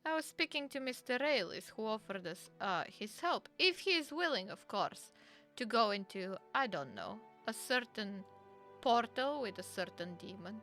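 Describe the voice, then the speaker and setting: Lively, bright woman playing a tabletop game. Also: medium pitch, moderate pace, faint music behind. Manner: excitable, loud exclamations. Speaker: player. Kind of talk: tabletop role-play.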